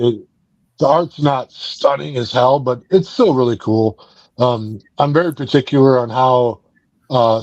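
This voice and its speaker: A man's voice: mid-range voice, a little mellow, dry recording, highs cut off. A man hosting a book club podcast, casually recapping and reviewing a comic in a rambling way, with many fillers and restarts.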